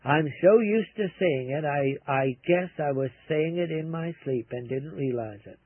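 A sleepy, flustered old toll keeper stammers out his apologies, as a storyteller puts him on, in a slightly raised, husky voice. It comes through on a tinny, dry radio recording. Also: a little high, unhurried, no echo. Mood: apologetic.

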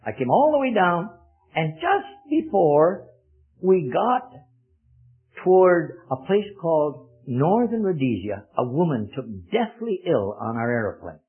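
A man telling a personal missionary travel story as a testimony, with an animated, swooping storyteller's delivery. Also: a little high, measured pace, breathy edge. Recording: tinny, phone-like lo-fi recording.

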